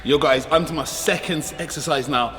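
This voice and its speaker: A bodybuilder giving a casual gym workout tutorial, chatty and relaxed, with lots of ums. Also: male voice, a little high, normal speed, in a large hall. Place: echoey gym. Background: music playing.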